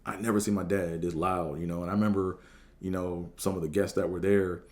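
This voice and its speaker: A man in his thirties with a low, dark voice, telling a long story casually. He rambles along with plenty of fillers and loose swearing. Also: little pitch movement, fairly quick. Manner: laid-back and rambling, with lots of fillers and swearing. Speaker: host.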